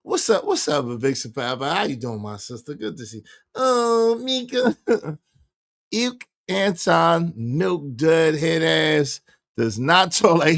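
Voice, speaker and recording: A man's voice: fairly high pitch, expressive, moderate pace, vocal fry, fairly bright tone, no room sound, studio quality. A man hosting a live stream, giving preachy, mocking reaction commentary as he talks back to a clip.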